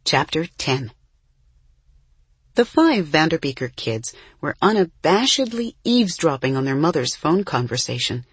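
A woman reads a children's storybook aloud in an even storytelling manner. Her voice is husky and a little breathy. The sound is dry and close, with no room behind it. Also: low voice, unhurried, no echo. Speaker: audiobook narrator. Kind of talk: scripted narration.

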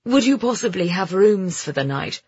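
A man's voice: sits high, expressive, normal speed, slightly rough, dry recording, muffled recording. A narrator voicing a polite, shy young man in an audiobook, close to the narrator's own voice. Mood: earnest. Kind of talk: audiobook character voice.

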